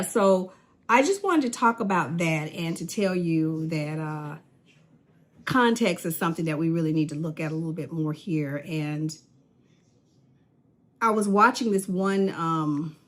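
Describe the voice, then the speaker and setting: A chatty woman in her fifties who talks straight to her viewers in a relaxed vlog. She laughs easily and explains things the way she would to a client, with an everyday mid-range voice. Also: mid-range voice. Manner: chatty, laughs often, addresses viewers directly. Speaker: speech-language pathologist and vlogger. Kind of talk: casual talk to camera. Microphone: phone or device camera.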